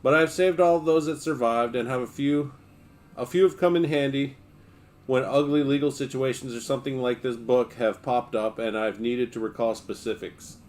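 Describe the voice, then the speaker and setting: A man's voice: mid-range voice, steady tone, moderate pace, darkish tone. Man reading a memoir aloud. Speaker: livestream host reading a book aloud.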